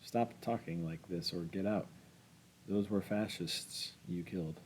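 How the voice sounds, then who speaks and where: A man reading a hot-tempered rough man. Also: low-pitched, measured pace, a little hiss or hum, low-quality recording. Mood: angry. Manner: loud, cursing.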